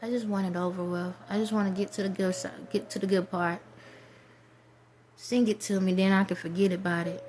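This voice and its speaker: Woman vlogger, reflective and rambling, soft trailing whispers, faint background hiss. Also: mid-range voice, fairly even intonation, a little fast. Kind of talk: casual spiritual monologue.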